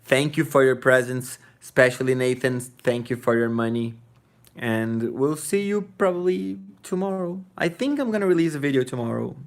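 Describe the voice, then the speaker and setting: A man's voice: mid-range voice, animated, normal speed. A young man with a Brazilian Portuguese accent, Portuguese his first language, chatting casually as a livestream host and rambling, restarting and joking.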